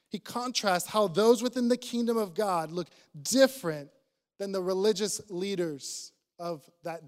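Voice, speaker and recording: High-voiced pastor preaching slowly. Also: male voice, long reverb tail. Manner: earnest, probing with direct questions. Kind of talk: sermon. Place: church.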